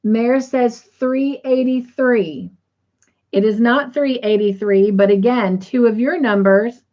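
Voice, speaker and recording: A woman's voice: fairly high pitch, slow pace. A woman hosting a casual livestream, chatty, reading viewer comments aloud and tallying quiz scores. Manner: chatty, says "y'all", reads comments aloud. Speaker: livestream host. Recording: slightly dull lo-fi stream audio.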